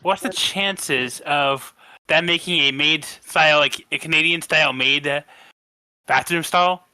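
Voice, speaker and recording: Man, podcast co-host, joking casual chat, bright tense tone, fairly high voice. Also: a little slow, clear, resonant tone, dry recording.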